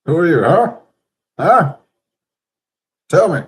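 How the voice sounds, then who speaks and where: A man doing a fretful old father, high and loud. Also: moderate pace, close to an everyday voice. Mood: alarmed. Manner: raised pitch, excited and loud. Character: old frail father Isaac, fretful and alarmed.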